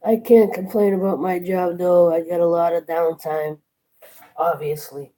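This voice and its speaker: Sleepy lady on a live stream at her job, yawning, talks real slow, thanks folks as they pop in. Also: on the low side, level tone, warm tone, low-quality recording. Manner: drowsy, unhurried, thanks viewers one by one. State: tired and yawning. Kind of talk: casual live-stream chat with viewers. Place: at her workplace.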